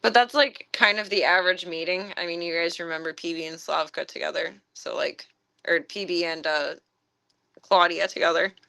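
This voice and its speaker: A woman streaming from her home, chatting casually and cooing at her cats in a high voice. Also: steady tone, normal speed, vocal fry, bright, forceful tone. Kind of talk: casual livestream chat. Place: home with pets.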